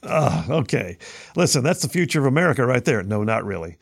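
Man, talk radio host, gravelly voice, lively swinging pitch, sarcastic, mocking. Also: racing, background noise. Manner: mocking, sarcastic, laughs often. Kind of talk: opinionated talk radio commentary.

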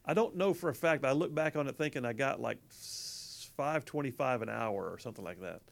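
A man's voice: mid-range voice, a little fast, vocal fry. A man from Alabama with a Southern accent, hosting a conservative talk radio show in a folksy, emphatic, chatty way.

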